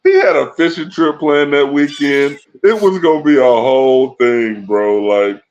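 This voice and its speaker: A man co-hosting a casual movie-review podcast, laid-back and quick to laugh. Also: fairly high pitch, darkish tone, a little hiss or hum. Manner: laid-back, laughs often, says "bro". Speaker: podcast co-host. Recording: dull lo-fi sound.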